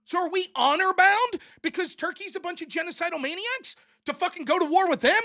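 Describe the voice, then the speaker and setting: A man's voice: very high voice, fairly quick, bright, forceful tone. A man hosting his own political commentary show, delivering a sarcastic, profane, combative solo rant and mocking his opponents.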